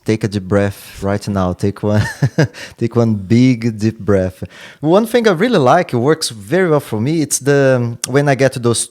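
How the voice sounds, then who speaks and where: A man hosting a podcast interview, talking in an earnest, reflective way and often searching for his words. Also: mid-range voice. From Brazil. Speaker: podcast host and martial arts coach. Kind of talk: casual interview chat.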